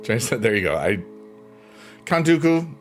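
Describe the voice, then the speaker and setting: A man's voice: mid-range voice, normal speed. Goofy streamer guy chatting w viewers, close mic, faint guitar music behind. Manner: goofy, playful, jokes and laughs a lot. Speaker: livestream host. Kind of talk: casual live stream chat. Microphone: close desk microphone. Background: soft guitar music.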